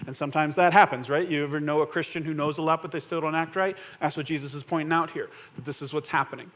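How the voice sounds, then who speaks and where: A man's voice: a little high, steady tone, quick pace, few pauses, a bit bright. A male pastor preaching a conversational sermon, asking the congregation questions and acting out quoted voices. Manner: conversational, acts out scenes with quoted voices, asks the audience questions.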